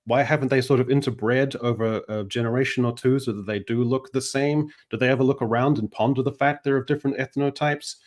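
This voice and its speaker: A man's voice: medium pitch, fairly even intonation, fairly quick, few pauses. A man, a panel guest in a casual chat, musing in a reflective, wry way.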